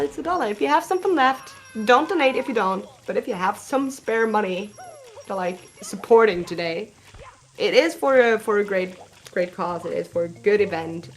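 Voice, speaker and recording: A woman with a slight lisp commentating a live speedrun stream from a booth, chatty and quick to laugh. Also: medium pitch. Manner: chatty, laughs often, restarts phrases.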